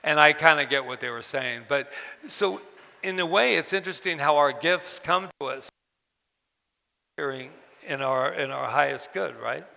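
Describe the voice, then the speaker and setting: A man telling personal stories to an audience at a book event, halting and repeating words, acting out the voices of people he quotes. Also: on the high side, vocal fry, sharp tone. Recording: long hall reverb.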